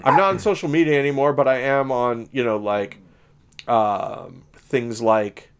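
A man's voice: mid-range voice, unhurried, clean tone. A man from Southern Illinois co-hosting a podcast in casual chat, rambling with lots of fillers and restarts. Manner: rambling, many fillers and self-corrections. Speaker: podcast co-host.

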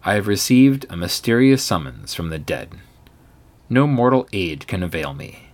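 A man voicing a pale, doomed male stranger in a Victorian ghost story reading, speaking in a low, hollow murmur close to a whisper. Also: sing-song. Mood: hushed dread. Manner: quiet, measured, ominous.

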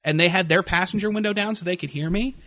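A young man ranting in a casual comedic way, swearing a lot and acting out shouted impressions. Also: sits high, fast talker, no room sound. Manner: profane, animated, yells impressions of people.

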